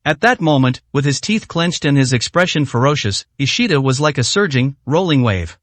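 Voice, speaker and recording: A man narrating a dramatic story in a scripted, expressive reading. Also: medium pitch, normal speed, few pauses, no room sound.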